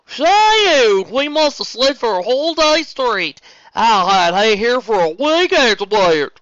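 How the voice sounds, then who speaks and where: A man voicing a folksy female farm pony in a very high, slow drawl. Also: very animated, a bit bright, no room sound, exaggerated voice. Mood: amazed. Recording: dull lo-fi, dry.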